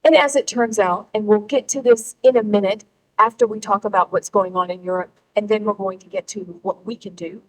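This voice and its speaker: A woman's voice: on the high side, low-quality recording. Woman giving a rallying speech. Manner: emphatic, rallying, with pauses for effect. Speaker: speaker at a political gathering. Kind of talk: public speech to a live audience.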